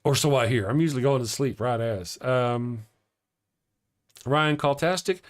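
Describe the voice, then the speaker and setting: A man's voice: mid-range voice, animated, normal speed. A middle-aged man hosting a casual morning livestream, rambling and chatty as he reads viewer comments aloud. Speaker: morning show livestream host.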